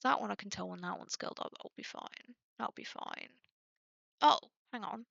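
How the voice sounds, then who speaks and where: Creaky, bright-voiced young woman streamer. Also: mid-range voice, moderate pace, no room sound. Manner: exasperated, swearing, talking to chat. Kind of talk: casual livestream chat. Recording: dull lo-fi dry mic.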